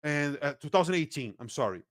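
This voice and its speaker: Clean studio sound with no echo captures this fairly high-pitched Brazilian man. A native Portuguese speaker with a Brazilian accent, he's a guest political analyst in a casual podcast interview, animated, laughing readily and restarting sentences a lot.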